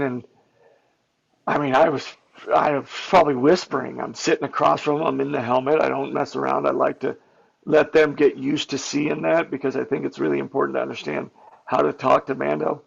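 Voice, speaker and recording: A man, a stuntman and actor, telling candid behind-the-scenes stories in an interview, animated and full of fillers and restarts. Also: on the high side, gravelly, husky. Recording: dull lo-fi audio.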